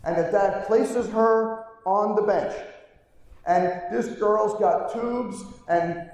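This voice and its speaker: Speaking slowly in a high-pitched, slightly mellow voice, a middle-aged man gives a keynote as a pediatric chiropractor. He shares earnest stories with a live conference audience on stage in a large hall, often asking them "right?" The recording comes from a distant mic in a very echoey space.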